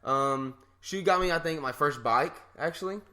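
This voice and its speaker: A young man with a bright, forceful voice, chatting casually on a podcast. He tells stories animatedly and laughs often, with his voice sitting a little high. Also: moderate pace. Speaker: podcast co-host. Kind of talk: casual chat.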